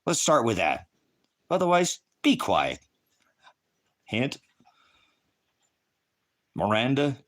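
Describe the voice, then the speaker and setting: A man's voice: mid-range voice, huge pitch swings, slow pace, long pauses, a bit bright. A man preaching on a livestream, answering the chat in a confrontational, insulting way, swearing and repeating himself as he rambles. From United States. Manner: repetitive and rambling. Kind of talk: combative livestream rant.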